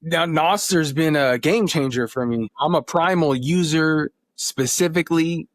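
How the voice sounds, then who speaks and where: A man's voice: fairly high pitch, measured pace, no room sound, clean studio sound. Earnest man telling family stories. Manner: earnest, emotional storytelling. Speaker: podcast guest. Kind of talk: casual interview talk.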